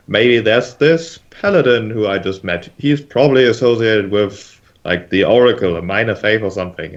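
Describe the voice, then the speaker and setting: Lo-fi game master, measured explainer. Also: male voice, fairly low pitch. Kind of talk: explaining tabletop game rules.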